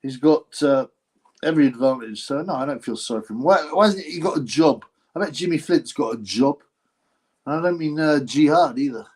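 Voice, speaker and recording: A man's voice: on the high side, expressive, brisk, a little mellow, husky. A man hosting a live stream, giving blunt, mocking commentary on a boxing match and reading out chat comments. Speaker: livestream host reacting to a boxing fight.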